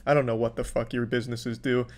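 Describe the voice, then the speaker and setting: A man's voice: mid-range voice, little pitch movement, fast talker, a little mellow. Sarcastic swearing male commentator. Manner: sarcastic, exasperated, swears freely. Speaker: commentary youtuber. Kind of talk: profane commentary.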